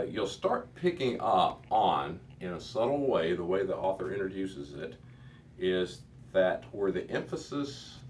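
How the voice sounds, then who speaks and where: Slow, deep-voiced man teaching Hebrew. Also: far from the mic, slight background noise, poor audio. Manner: slow, deliberate, with many fillers and restarts. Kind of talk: classroom lecture.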